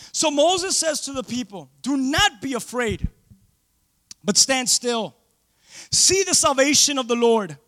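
A man preaching a sermon, calling out to the congregation for responses and swinging between loud exclamations and hushed asides. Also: extremely high pitch. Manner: animated, asks the congregation for responses.

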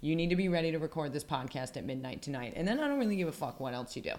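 Blunt low-voiced American woman. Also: animated, racing, darkish tone. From United States. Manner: sweary, blunt, rambling. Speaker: podcast co-host. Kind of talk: casual chat.

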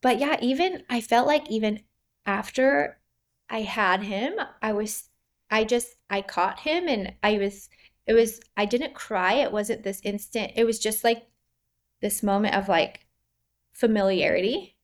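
A woman's voice: fairly high pitch, a little slow. A woman in her thirties recounting her birth story in a casual, rambling way, with many fillers and frequent laughs. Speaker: podcast guest. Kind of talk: personal story, casual interview.

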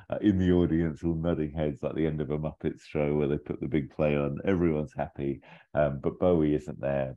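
A man's voice: extremely low pitch, narrow, tinny audio. A man in casual podcast chat, rambling through a story idea with many fillers and restarts. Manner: rambling, acts out lines in bits.

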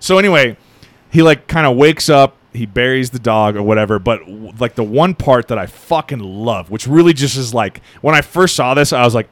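A man co-hosting a podcast, chatting casually about a film and retelling its scenes in quick, animated bursts with lots of swearing. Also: mid-range voice, no room sound. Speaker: podcast co-host. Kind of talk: casual movie discussion.

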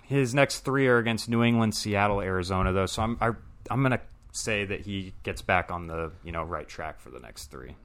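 A man's voice: lowish voice, lively intonation, brisk, a bit bright. A man co-hosting a podcast, chatting casually and rambling with fillers and restarts. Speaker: podcast co-host. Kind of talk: casual fantasy football chat.

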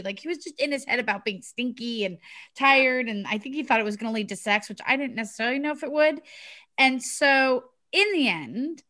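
Middle-aged woman telling a story, high voice, really bright and lively. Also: fairly quick. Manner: animated, acts out voices in her story. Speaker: group participant sharing a story. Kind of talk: casual storytelling.

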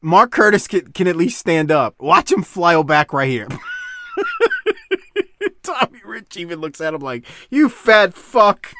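A man's voice: a little high, lively intonation, measured pace, long pauses, sharp tone, slight background noise. A man hosting a casual chat over wrestling footage, breaking into laughing fits, swearing and apologizing. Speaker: podcast host.

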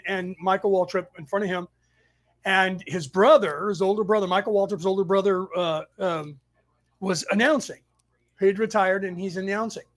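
A man hosting a spiritual study class on a live stream, telling stories in a rambling way with sudden loud outbursts, talking into a home computer mic. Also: high-pitched. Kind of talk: casual live-stream storytelling. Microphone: home computer mic over weak Wi-Fi.

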